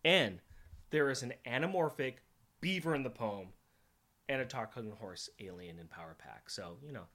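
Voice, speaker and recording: Animated, jokey middle-aged man. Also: medium pitch, normal speed. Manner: enthusiastic, jokey, laughs often. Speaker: podcast co-host. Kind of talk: casual comic book podcast chat.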